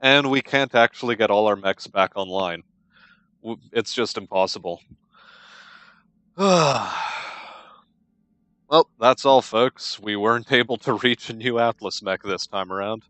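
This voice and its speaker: A man's voice: fairly low pitch, normal speed, fairly bright tone, no room sound. A young man giving casual let's-play commentary on a strategy game, with dry, wry understatement.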